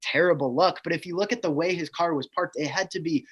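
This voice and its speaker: Man, slightly higher voice, casual podcast storyteller, chatty and anecdotal. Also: fast, breathy edge. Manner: chatty anecdotal, laughs through stories. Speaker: team staff member telling stories.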